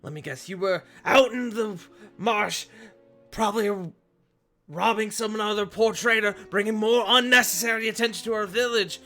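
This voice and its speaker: A man's voice: high-pitched, moderate pace, sharp tone, faint music behind, voice pushed up. A man voicing a large male goblin elder who scolds a younger goblin in a tabletop game. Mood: scolding. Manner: stern, scolding, exasperated.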